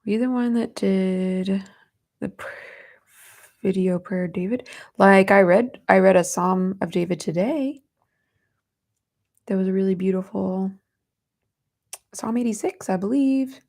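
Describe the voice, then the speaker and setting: Speaking in a mid-range voice that runs a little slow, this twenty-something woman leaves long pauses as she chats with her livestream viewers from home. She reads their comments, giggles a lot, and talks sweetly to her cat in a soft coo.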